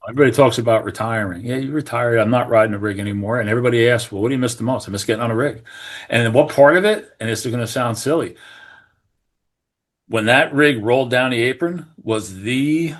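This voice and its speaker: A middle-aged man tells a story in earnest, animated conversation, his pitch sitting in the ordinary middle for a man. He acts out the remarks of others as he goes and often restarts his sentences. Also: brisk. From New Jersey. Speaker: retired fire captain, podcast guest.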